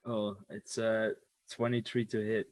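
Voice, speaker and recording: A man's voice: lowish voice, little pitch movement, dry recording. A man playing a tabletop game, talking in a hesitant way. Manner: unhurried and hesitant, with fillers. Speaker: player.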